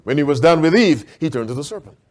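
A middle-aged man preaching a sermon in a slightly raised voice. He keeps turning to the congregation with questions and calls on them to read verses out. To land a point he slows right down and drops his voice to a hush. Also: fairly high pitch, expressive.

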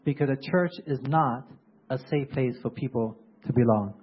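A man's voice: mid-range voice, moderate pace, slightly rough. A man preaching a sermon who keeps turning to the congregation with questions and calls for agreement. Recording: dull lo-fi sermon recording.

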